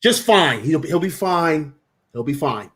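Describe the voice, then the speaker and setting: Man, slightly higher voice, animated co-host, repeats phrases, casual sports chat. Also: moderate pace. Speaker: podcast co-host.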